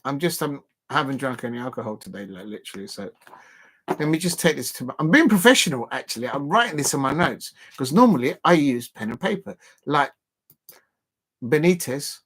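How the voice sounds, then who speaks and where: Man, football livestream host, casual chat, rambling, talks straight to the fans, mid-pitched voice. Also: lively intonation, fairly quick, fairly bright tone. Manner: rambling, chatty, addresses fans directly. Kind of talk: casual live-stream chat.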